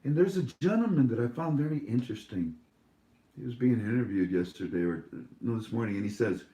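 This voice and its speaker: A man's voice: mid-range voice, lively intonation, fairly quick, mellow, echoey room. A man hosting an online show in a casual monologue, rambling and sarcastic, with lots of fillers and restarts.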